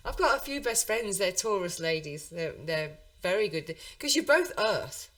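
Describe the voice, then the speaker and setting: A woman from England with a Birmingham accent, hosting a casual interview podcast, chatty and quick to laugh. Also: lowish voice, very animated, a bit bright, recorded from a distance. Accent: Birmingham English. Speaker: podcast host.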